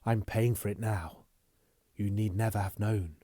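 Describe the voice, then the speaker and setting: A man voicing a cool, guarded young heiress in an audiobook reading, speaking softly and sometimes in a hush. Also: fairly low pitch, steady tone, unhurried, no echo, clean studio sound. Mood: earnest.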